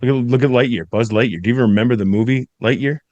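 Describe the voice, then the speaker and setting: A man's voice: mid-range voice, rapid-fire, darkish tone, dry recording, dull audio. A man co-hosting a podcast, ranting bluntly and profanely in casual crude banter. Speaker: podcast co-host.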